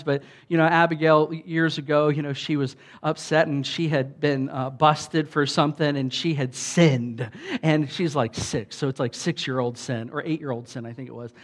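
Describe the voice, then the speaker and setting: A man preaching a sermon in an emphatic, conversational way, with lots of asides to the congregation. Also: fairly high pitch. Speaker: pastor.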